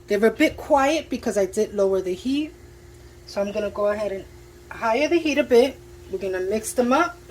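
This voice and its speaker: A woman's voice: mid-range voice, expressive, moderate pace, a little mellow, slight background noise. A woman casually narrating her home cooking for viewers in a chatty, enthusiastic way, talking from her kitchen stove. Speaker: home cook vlogger. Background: food sizzling in a pan.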